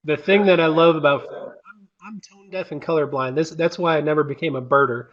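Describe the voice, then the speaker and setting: Male talk host, somewhat high voice, chatty, muffled audio. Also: a bit bright. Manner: chatty, prompting questions, halting restarts. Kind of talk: casual educational discussion.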